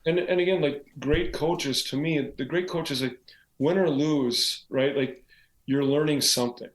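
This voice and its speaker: A man with a slightly high voice tells animated stories in a casual podcast chat. He talks like a former athlete and coach, peppering his lines with "like" and "right?". The sound is echoey, as if from a bare room. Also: unhurried. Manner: animated storyteller, frequent "like" and "right?". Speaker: guest, former pro hockey player and coach.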